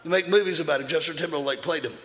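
A man preaching a sermon as pastor, emphatic and shouting, with repeated refrains. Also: a little high, rapid-fire. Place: large church hall. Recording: echoey hall with music and crowd.

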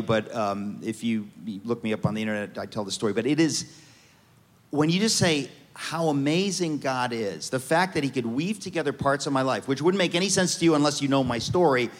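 A man from the United States, a guest author telling his life story on stage in an animated, joking way. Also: medium pitch, long reverb tail.

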